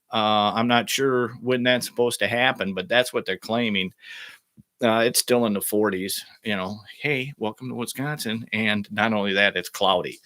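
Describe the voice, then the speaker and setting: A man's voice: fairly low pitch, bright, forceful tone, dry recording. A middle-aged man, a little under the weather, talking casually and rambling to his golf vlog audience in an offhand, self-deprecating way. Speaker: golf vlogger. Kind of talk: casual rambling monologue to camera.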